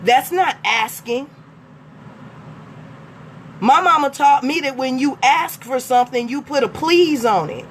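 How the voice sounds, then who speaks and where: A woman on a live stream, delivering a blunt, profane rant that swings from emphatic talk to shouting. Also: high voice, expressive, measured pace, pauses often, a little hiss or hum. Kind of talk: profane ranting monologue.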